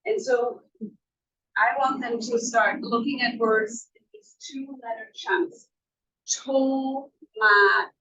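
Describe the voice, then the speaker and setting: A woman teacher presenting to parents at a school workshop, who slowly sounds out syllables to demonstrate. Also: fairly high pitch, steady tone, a bit bright. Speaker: first grade teacher. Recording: muffled, distant, echoey room.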